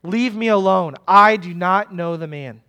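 A man's voice: high voice, a little slow, clean tone, heavily acted. A man preaching acts out a panicked man angrily swearing he knows nothing, his voice raised and insistent. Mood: desperate. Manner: forceful, louder and more insistent.

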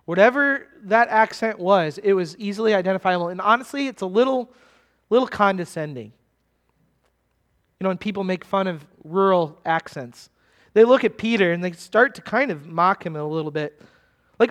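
A man's voice: high-pitched, measured pace, a bit bright. A man preaching a conversational sermon that walks through a text verse by verse and keeps asking his listeners questions. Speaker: pastor. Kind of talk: expository sermon.

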